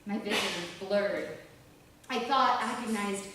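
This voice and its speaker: A woman giving a measured, deliberate literary reading of a novel. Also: mid-range voice. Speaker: author reading her novel. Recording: roomy, distant, faint hiss.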